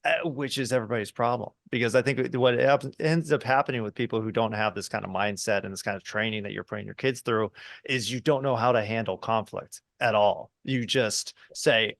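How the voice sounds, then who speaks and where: A man's voice: fairly low pitch, fairly even intonation, brisk, gravelly, fairly bright tone, dry recording, clean studio sound. A man hosting a podcast, speaking in a thoughtful, casual way in long reflective sentences. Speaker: podcast host. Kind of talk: casual interview chat.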